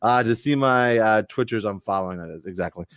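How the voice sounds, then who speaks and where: Hosting a casual gaming podcast stream, a man reads viewer comments aloud in a loose, laughing manner full of swearing. His voice is fairly low and brisk, with a clean, studio-quality tone and no echo.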